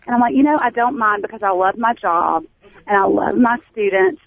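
A woman's voice: a little high, expressive, fairly quick, vocal fry. A woman, a teacher, calling in to a talk show and speaking earnestly. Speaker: caller, teacher. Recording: tinny phone line.

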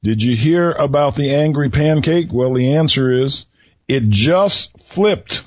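A male radio host speaks slowly in a husky voice, teasing listeners with riddles in a folksy manner. The recording is dry and somewhat dull, like a small radio studio feed. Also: mid-range voice, lively intonation, no room sound. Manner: slow, folksy, teasing delivery. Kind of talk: solo radio talk with riddles.

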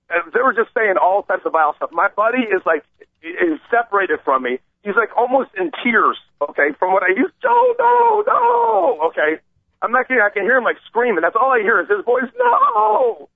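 A man calling in to a radio show and telling an animated, rambling story, acting out the voices of the people in it. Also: sits high, a little fast, no room sound. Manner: excited, acts out quoted voices, rambling. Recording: tinny phone line, dry.

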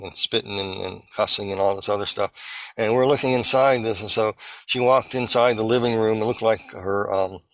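A man earnestly recounting a vision as testimony, halting and restarting as he searches for words. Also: medium pitch, a bit bright, dry recording, poor audio.

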